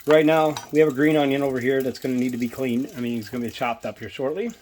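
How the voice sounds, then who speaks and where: A man's voice: mid-range voice, steady tone, quick pace, a little mellow, a little hiss or hum. A man hosting a casual home cooking demonstration in his kitchen, rambling and chatty and poking fun at himself. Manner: rambling, chatty, self-mocking. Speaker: cooking video host.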